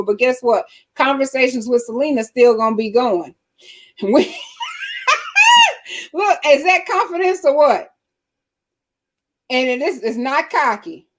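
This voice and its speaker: A woman hosting a live-stream talk show, chatting casually in a lively, laughing, preacher-like way. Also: high-pitched, a little slow, long pauses. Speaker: host.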